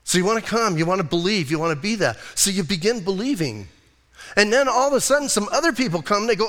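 A man's voice: sits high, animated, fast, a bit bright. An older man, a pastor, preaching a sermon in a conversational way with rhetorical asides. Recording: long hall reverb.

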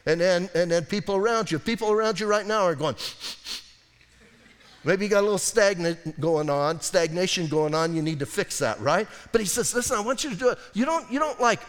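Male pastor, high and very animated delivery, jokey sermon, long hall reverb. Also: fairly quick. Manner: animated, jokey preaching with acted asides.

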